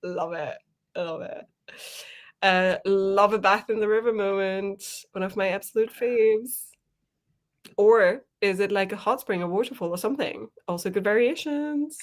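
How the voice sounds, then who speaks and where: A woman chatting on a live stream over a video call, medium-pitched and easygoing. She laughs often and reads viewers' comments aloud between remarks. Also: moderate pace. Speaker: co-host of writing sprint stream. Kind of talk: casual chat.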